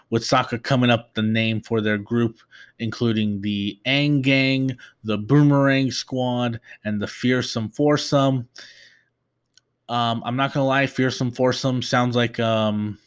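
A man's voice: mid-range voice, smooth. A young man hosting a casual recap show, talking in a loose, rambling way with many fillers and restarts. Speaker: podcast host.

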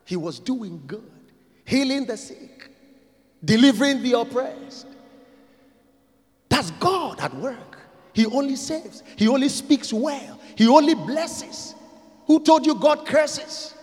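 High-voiced preaching man, echoing hall. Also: expressive, slow. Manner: dramatic swings from quiet to shouting, repeating lines for emphasis. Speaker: pastor. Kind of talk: sermon.

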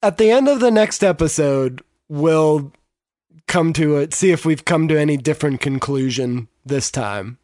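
A mid-pitched co-host chats through an episode recap, joking along and stretching words out for emphasis. The delivery is animated and informal. The recording is dry and close. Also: normal speed, no echo. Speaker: podcast co-host. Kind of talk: casual recap chat.

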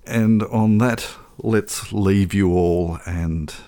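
A man with a very deep, low voice co-hosts a film podcast. He chats casually and pokes fun at himself, restarting and repeating words as he goes. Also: drawn-out words, warm tone. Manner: chatty, self-deprecating, repeats words. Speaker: podcast co-host.

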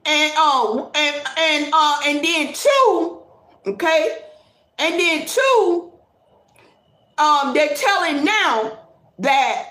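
A woman talking casually to her viewers on a live stream, animated and repetitive, laughing often and calling out to people by name. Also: high-pitched, drawn-out words, pauses often, roomy sound.

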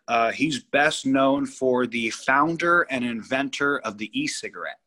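Bright-voiced man telling a rambling story. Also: mid-range voice, measured pace, few pauses. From California. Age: 30s. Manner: rambling, emphatic, with frequent restarts. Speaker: guest. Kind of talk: storytelling in a podcast interview.

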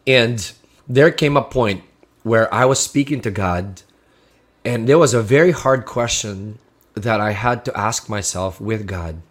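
A man's voice: on the low side, measured pace. Earnest man preaching a testimony. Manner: earnest, heartfelt, with frequent restarts. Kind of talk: sermon with personal testimony.

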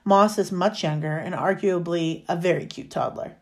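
A woman's voice: on the low side, normal speed, a little mellow. A woman reading the lines of a playful, teasing teenage girl in an audiobook, gleeful as she tells a story. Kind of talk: audiobook character voice.

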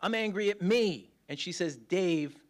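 A man's voice: a little high, expressive, unhurried. A man preaching a sermon in a casual, joking, self-deprecating way, laughing often as he talks. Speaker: pastor.

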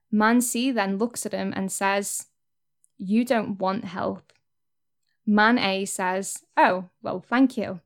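A young woman vlogging, talking candidly and earnestly to camera and swearing now and then. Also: medium pitch. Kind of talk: personal talk to camera.

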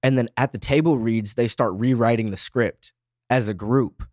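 A man's voice: medium pitch, moderate pace, darkish tone, no echo, clean studio sound. A young man hosting a podcast, chatting casually and animatedly with a friend, laughing often and using lots of fillers. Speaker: podcast host. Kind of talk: casual chat.

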